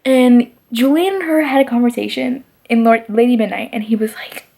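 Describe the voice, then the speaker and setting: A woman's voice: fairly high pitch, moderate pace. A young adult woman casually vlogging about her reading, gushing and emphatic, full of fillers. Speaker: book vlogger.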